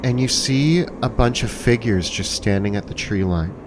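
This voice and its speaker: Brief: male game master, mid pitch, measured narration. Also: noisy background.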